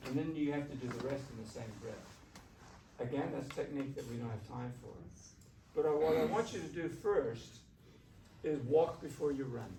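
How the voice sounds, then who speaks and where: A man's voice: medium pitch, normal speed, warm tone. A man teaching a shakuhachi workshop in a classroom, coaxing and conversational, often asking the class questions. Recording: roomy, from far off, faint hiss.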